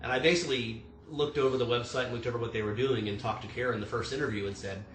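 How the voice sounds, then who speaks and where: A man's voice: on the low side, fairly even intonation, racing, hardly any pauses, roomy sound, a little hiss or hum, low-quality recording. A man who manages a tasting room, chatting casually and telling joking stories on a livestream. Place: home room. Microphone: video stream mic.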